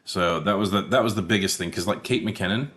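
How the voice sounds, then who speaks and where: Deep-voiced man in casual swearing chat. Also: fairly quick, fairly bright tone. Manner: laid-back, swears often, trails off mid-thought. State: tired and yawning late at night. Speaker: podcast co-host. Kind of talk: casual movie-review chat.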